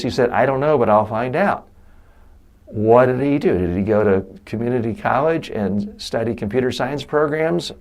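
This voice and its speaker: A middle-aged man as a course instructor, lecturing in an emphatic, animated way with quoted asides. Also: medium pitch. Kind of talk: recorded lecture.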